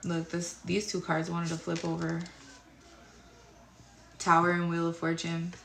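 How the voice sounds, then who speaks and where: A woman's voice: fairly low pitch, completely flat delivery, a little slow, creaky, background noise. A woman giving a casual tarot reading to viewers, rambling and searching for words, sounding tired. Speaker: tarot reader. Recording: roomy echo.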